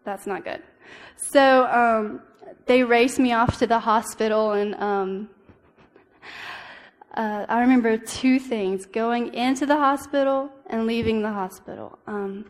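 In a hall with long reverb, an earnest young woman with a mid-range voice gives a personal testimony as part of a church devotional. She speaks haltingly, with frequent ums and restarts.

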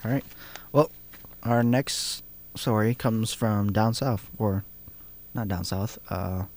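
A man's voice: fairly low pitch, slow, darkish tone. A man hosting a casual news show, reading stories aloud with fillers and restarts.

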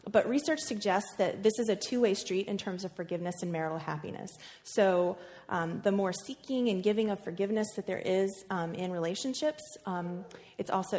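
A woman's voice: medium pitch, a little mellow. A woman presenting a marriage class, casual and chatty with frequent fillers. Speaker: workshop presenter.

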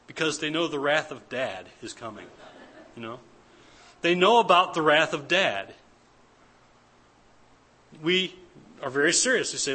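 A man's voice: a little high, pushed and bright. A man preaching an earnest, emphatic church sermon as pastor, repeating his key points. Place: church service.

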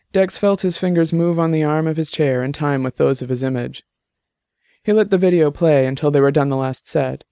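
Man, audiobook narrator, steady even reading, raised pitch. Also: clean tone, no room sound, clean studio sound. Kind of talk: scripted novel narration.

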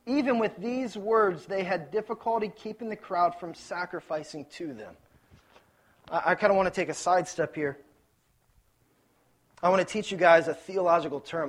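A man from Ohio preaching a sermon, telling stories in a lively, joking, conversational way. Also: high-pitched, normal speed. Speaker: pastor.

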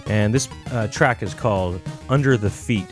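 A man co-hosting a casual podcast, rambling and relaxed with lots of filler while game music plays. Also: fairly low pitch, moderate pace. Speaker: podcast co-host. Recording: music playing behind.

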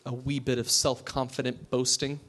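A pastor giving a sermon. He talks in a conversational way, asks his listeners questions and drops to a hush for emphasis. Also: mid-range voice, little pitch movement, normal speed, breathy edge.

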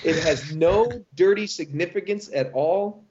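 A man's voice: high voice, unhurried, lo-fi sound. A middle-aged man, a voice actor guest, telling stories animatedly with frequent restarts. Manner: animated storyteller with many restarts. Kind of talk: interview chat.

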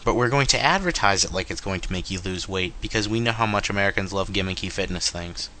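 Male podcast co-host, low but bright voice, rambling casual gaming chat. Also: fast talker, a little hiss or hum. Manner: rambling, jokey, mocks companies in made-up dialogue.

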